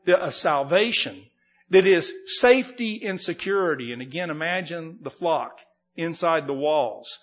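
A man's voice: sits high, dull audio. A man preaching an expository sermon, earnest and emphatic, often repeating and restarting his phrases. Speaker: pastor.

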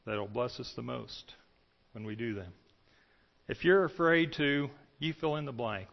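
A pastor preaching a sermon to his congregation, swinging between loud calls and hushed lines. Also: mid-range voice, vocal fry, highs cut off.

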